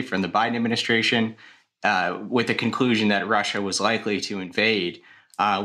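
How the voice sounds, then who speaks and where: A man asking an interview question in a measured, careful way. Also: on the low side, pushed and bright.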